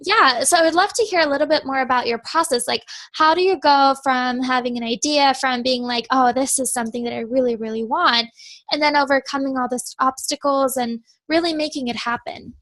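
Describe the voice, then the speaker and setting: A woman's voice: high-pitched, fairly quick, fairly bright tone, no room sound. A woman hosting an interview over a video call, enthusiastic and gushing, saying "like" often. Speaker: interview host. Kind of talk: casual interview.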